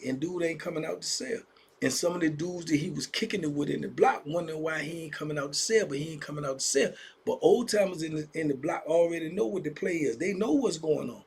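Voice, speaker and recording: A man with a husky, slightly high voice recounts prison stories in a loose, conversational style. He talks straight to his young listeners, often checking in with "you know what I'm saying.". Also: fairly quick, a little mellow. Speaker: storyteller. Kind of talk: casual storytelling vlog.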